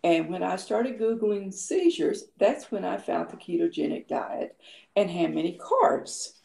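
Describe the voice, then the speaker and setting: A woman's voice: on the low side, animated, unhurried, vocal fry, darkish tone, roomy sound. A woman in her fifties casually telling her own story, chatty, with lots of fillers and acted-out quotes. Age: 50s. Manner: chatty, many fillers, laughs often, acts out quoted lines. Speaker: guest sharing her health story.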